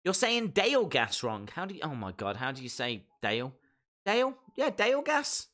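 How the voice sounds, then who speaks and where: Man, live stream host, bright voice, playful chatter, mid pitch. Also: sing-song, brisk. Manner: chatty, playful, reads viewer comments aloud. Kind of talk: live reaction stream chat.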